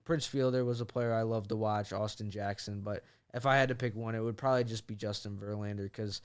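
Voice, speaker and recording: Young man with a smooth mid-range voice. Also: lowish voice, fairly even intonation, fairly quick. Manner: easygoing, rambling, with many fillers. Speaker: podcast co-host. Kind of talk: casual chat.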